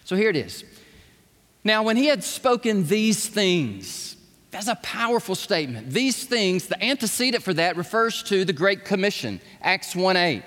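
A man preaching a sermon to his congregation, swinging from hushed asides to shouts and asking them to speak along. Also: sits high. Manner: animated, shifting from hushed to shouting, calls on the congregation. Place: church sanctuary. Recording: long hall reverb.

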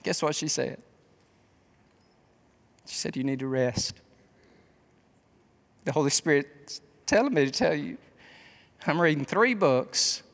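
A man in his fifties preaching a conversational sermon, telling stories in an animated way with quick asides. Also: a little high, creaky. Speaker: pastor. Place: church sanctuary. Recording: long hall reverb of a church.

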